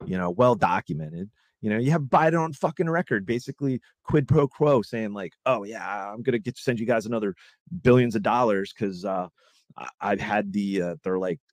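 A man's voice: mid-range voice, a little mellow, no room sound. A man ranting casually and profanely, rambling with many fillers, false starts and restarts. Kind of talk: casual political chat.

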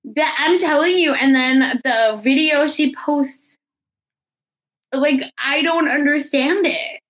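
A woman co-hosting a podcast in casual chat, animated and reading out quotes. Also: sits high, slow pace, rough recording. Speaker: podcast co-host.

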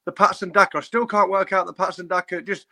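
A man's voice: high-pitched, little pitch movement, fast, creaky, sharp tone. A man chatting as a guest, rambling and laughing through his stories. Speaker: guest singer. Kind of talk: casual chat.

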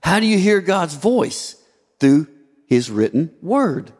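A man's voice: a little high, sing-song, slow pace, a little mellow. A man preaching a sermon as pastor, asking rhetorical questions and shifting his emphasis often. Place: church sanctuary. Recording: long hall reverb.

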